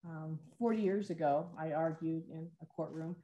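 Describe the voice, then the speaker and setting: Guest speaker: a judge in her sixties, relaxed and humorous, with a fairly low voice. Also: moderate pace, lo-fi sound. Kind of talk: informal remarks at a ceremony.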